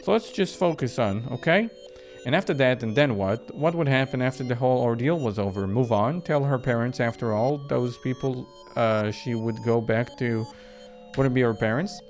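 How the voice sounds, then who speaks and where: A man reading a visual novel aloud for a let's play, in a low, hesitant voice. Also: normal speed, faint music behind.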